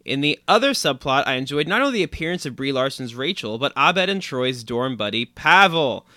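Podcast guy reading out listener emails, very lively voice, dry close sound. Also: medium pitch, a little fast, no echo. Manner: chatty, laughs often, reads emails aloud. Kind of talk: casual chat.

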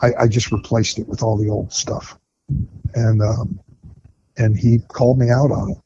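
A middle-aged man tells his story bluntly and candidly, in a mellow, warm voice. He stops and restarts his sentences often. The audio is dull and lo-fi, with a faint noise under it. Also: lowish voice, little pitch movement, normal speed. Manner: blunt, frank storytelling with frequent fillers and restarts. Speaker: guest, retired firefighter. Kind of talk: candid personal recovery story in conversation.

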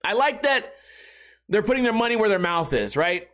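A man's voice: sits high, sing-song, moderate pace, fairly bright tone. A young man in a casual comedic rant, profane and sarcastic, rambling between jokes.

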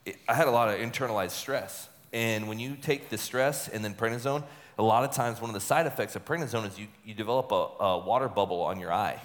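A man who is a retired relief pitcher, telling a story in an interview with chatty, repeated words and lively bits of acted-out speech. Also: fast talker. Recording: long hall reverb.

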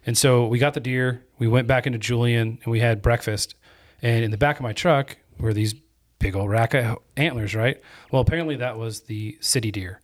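Male host with a middle-range voice, lively and conversational. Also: mid-range voice, moderate pace. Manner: energetic, chatty storyteller. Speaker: podcast host. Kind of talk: casual storytelling chat.

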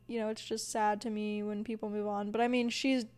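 A woman's voice: mid-range voice, flat delivery, a little fast, a little mellow, clean tone. Rambling Southern young woman podcaster. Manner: rambling, filler-heavy, self-deprecating. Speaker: podcast host. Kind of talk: casual solo podcast chat.

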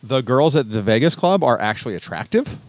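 A man's voice: medium pitch, big pitch swings, fairly quick, no echo. Man, podcast co-host, argumentative, repeats words, dry close sound. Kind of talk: casual chat.

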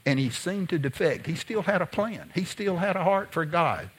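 A man preaching a sermon in a folksy, conversational way, mixing scripture with childhood stories and sometimes dropping to a hush. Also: sits high, expressive, normal speed, slight background noise. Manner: folksy, conversational, drops to a hush when telling a story. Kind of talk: sermon with personal storytelling.

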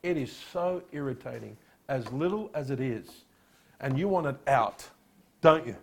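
A man preaching a sermon as a pastor, firing rhetorical questions and dropping quiet on solemn points. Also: medium pitch, expressive, normal speed, vocal fry, slight background noise.

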